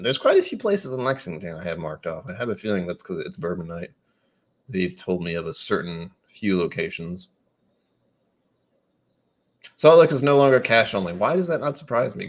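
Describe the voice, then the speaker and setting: A man from New England chatting casually on a live stream. He reads out viewer comments and rambles along with wry, sudden animated asides. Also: fairly low pitch, moderate pace, slightly rough.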